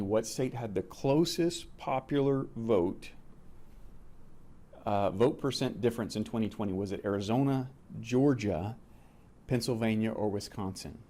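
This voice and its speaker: A man with a mellow, darker voice runs a relaxed quiz. He reads each question deliberately and repeats it, so his guests can follow along. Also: medium pitch. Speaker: quiz host. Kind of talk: casual quiz show chat.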